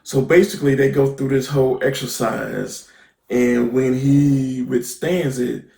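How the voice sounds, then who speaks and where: A man with a gravelly, creaky voice walks through a TV episode in loose, conversational slang. His voice bounces around an echoey room, and he leans on fillers like "basically" and "right?" to keep the recap moving. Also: medium pitch, steady tone, unhurried, a little mellow. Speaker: TV episode reviewer.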